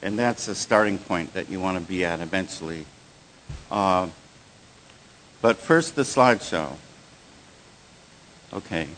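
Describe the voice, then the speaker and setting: A man leading a live workshop, speaking in a conversational, halting way with many restarts and fillers, checking in with his audience. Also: low-pitched, expressive, a bit bright, a little hiss or hum. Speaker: workshop presenter.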